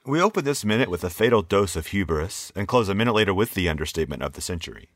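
A man's voice: low-pitched, sing-song, quick pace, no echo, studio quality. A man co-hosting a podcast in casual chat, wry and ready to argue a point. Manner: argumentative, wry. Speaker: podcast co-host.

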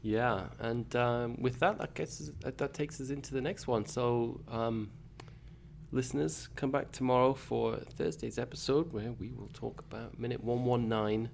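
A man hosting a podcast, talking in a relaxed way while wrapping up the episode. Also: mid-range voice, unhurried, creaky, slight background noise. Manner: relaxed, wraps up the show with plugs. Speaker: podcast host. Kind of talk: casual podcast chat.

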